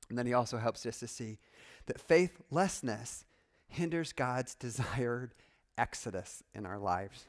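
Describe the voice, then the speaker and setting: A man preaching a sermon, swinging between quiet, measured stretches and loud, animated bursts. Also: medium pitch. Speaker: pastor.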